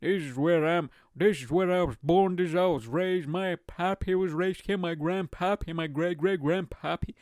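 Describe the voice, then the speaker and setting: A man's voice: sits high, moderate pace, hardly any pauses, darkish tone, no echo, studio quality, natural voice. A man voicing a stubborn rural American who refuses to leave his tornado-struck hometown and insists on it.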